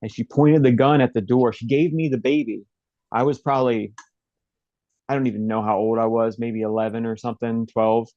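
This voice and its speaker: A man interview guest recounting a personal story in a halting, rambling way, with many fillers and restarts. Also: mid-range voice, fairly even intonation, dry recording, highs cut off.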